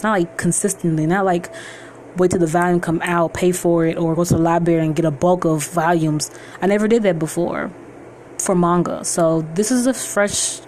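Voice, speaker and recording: A young woman hosting her own podcast, talking excitedly and rambling with lots of fillers and restarts. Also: lowish voice, a little hiss or hum. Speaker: podcast host. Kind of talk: casual solo podcast intro.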